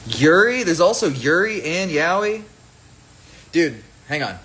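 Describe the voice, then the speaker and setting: A man's voice: on the high side, big pitch swings, takes it slowly, a bit bright, a little hiss or hum, rough recording. Rambling playful man on a livestream. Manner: rambling and playful, jumping between topics. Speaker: livestream host selling his own fragrance. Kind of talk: casual livestream chat. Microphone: phone livestream.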